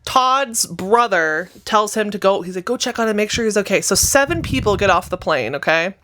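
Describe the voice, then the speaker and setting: A woman's voice: medium pitch, moderate pace, dry recording. Young woman with a slight lisp. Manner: animated storytelling, acts out characters' voices. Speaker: podcast co-host. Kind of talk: casual chat, retelling a movie plot.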